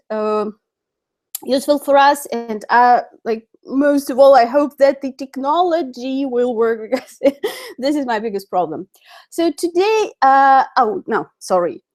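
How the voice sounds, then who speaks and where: Russian-accented woman, slightly high-pitched, hosting a live English lesson, loose, filler-heavy delivery. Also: a little mellow. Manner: chatty, many fillers and self-corrections. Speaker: English communication teacher. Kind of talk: live-streamed online lesson.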